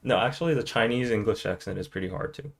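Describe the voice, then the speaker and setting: A man's voice: lowish voice, quick pace, gravelly. A man hosting a podcast, chatting in a loose, rambling way and now and then slipping into playful impressions. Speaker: podcast host. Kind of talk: casual live-stream chat.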